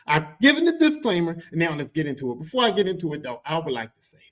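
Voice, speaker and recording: A man talks straight into a podcast mic with a high, lively voice that swings up and down. He jokes, swears and tells stories in a loose, animated way. The sound is a little dull and lo-fi. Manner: animated, profane, joking storyteller. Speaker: podcast host. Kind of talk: casual podcast monologue. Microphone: podcast microphone.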